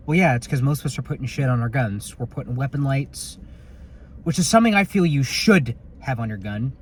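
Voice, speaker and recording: A man's voice: fairly high pitch, lively intonation, moderate pace, darkish tone. A man working as a security officer, vlogging casually into his phone from inside his patrol car at night, rambling and joking with some swearing. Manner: rambling, joking, slightly profane. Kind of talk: casual vlog while on patrol. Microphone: phone camera in a car.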